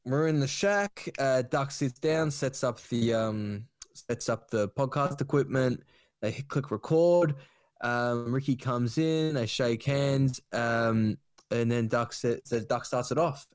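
A man's voice: mid-range voice, slow, no room sound, clean studio sound. A man with an Australian accent hosting a comedy podcast, crude and rambling in casual chat. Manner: crude, rambling, laid-back. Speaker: podcast host.

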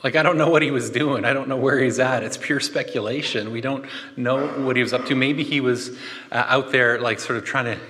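Chatty pastor in a reverberant hall. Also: male voice, medium pitch, brisk, slight background noise. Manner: animated, chatty, jokey asides with laughs. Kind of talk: conversational sermon.

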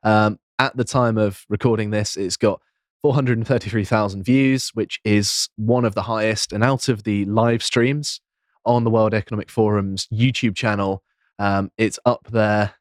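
Low-pitched male podcast host, casual and measured, lots of ums, dry close mic. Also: steady tone, no echo. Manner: reads quotes aloud, measured, frequent ums. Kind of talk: casual political discussion.

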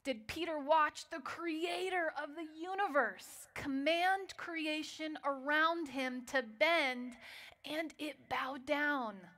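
A woman preaching a sermon, telling a story and dropping to a quiet voice for dramatic moments. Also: high voice, takes it slowly.

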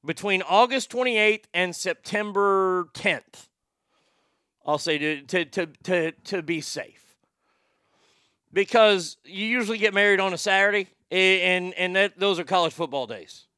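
A man holds forth as a show host in a loose, rambling, folksy way, swearing freely and restarting his sentences. His voice is bright and forceful, smooth and clear, and pitched a bit high for a man. The sound is close and dry, with no room around it. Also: measured pace, no echo. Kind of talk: casual talk-show monologue.

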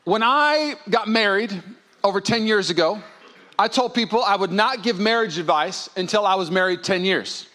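A man preaching a sermon as pastor, humorous and energetic, telling stories and quoting people in acted voices. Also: high-pitched, moderate pace. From California. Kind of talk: sermon with storytelling. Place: church sanctuary with congregation.

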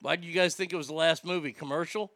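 A man's voice: fairly high pitch, steady tone, fast, fairly bright tone, dry recording, studio quality. A man ranting casually and profanely about movies while reading out listener comments. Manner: swearing, exasperated ranting.

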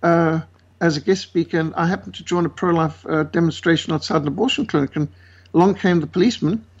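A man's voice: a little high, quick pace, slightly rough, muffled recording. A man from Africa, a guest telling stories in an interview in an indignant way, full of fillers. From South Africa. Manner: indignant, acts out quoted voices, many fillers. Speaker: guest, missionary author. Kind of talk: animated storytelling in an interview.

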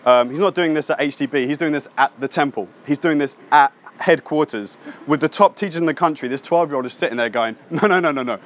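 A male preacher gives a relaxed, conversational sermon. He keeps it lively by acting out the people in his stories and dropping slangy asides. His voice sits slightly high for a man. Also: quick pace, few pauses. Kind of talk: casual sermon.

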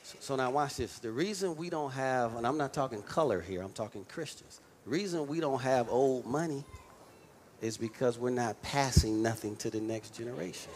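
A male pastor delivering a lively sermon, stressing points and calling out to the congregation for response. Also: medium pitch, normal speed, slight background noise. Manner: emphatic call-and-response preaching.

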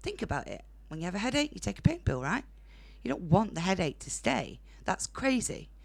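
On a comedy club stage, a young woman from Northern England delivers a blunt, chatty stand-up set and laughs at her own jokes. Her mid-range voice is gravelly and sing-song, fairly quick, with no echo.

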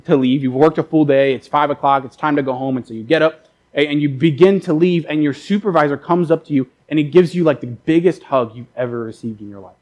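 A man's voice: fairly high pitch, a little mellow, muffled recording. A man preaching a sermon in a casual, conversational way, with many fillers and repeated words, acting out characters in quoted asides. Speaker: pastor.

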